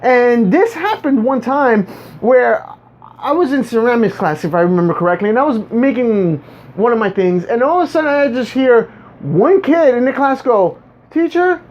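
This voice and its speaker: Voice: mid-range voice, lively intonation, normal speed, slight background noise. A vlogger ranting casually to viewers, rambling and stumbling over repeated words with a sarcastic edge. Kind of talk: casual monologue rant. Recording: dull lo-fi recording.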